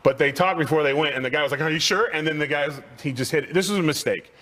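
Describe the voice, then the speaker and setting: A man's voice: fairly high pitch, fast, a bit bright. A man on a talk panel, joking and telling stories about his wrestling career. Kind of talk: casual panel banter.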